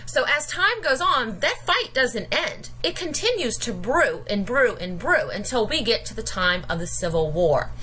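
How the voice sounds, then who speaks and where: Bright-voiced chatty woman teacher. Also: fairly high pitch, very animated, measured pace, few pauses, poor audio. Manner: chatty, addresses students directly. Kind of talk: recorded history lesson.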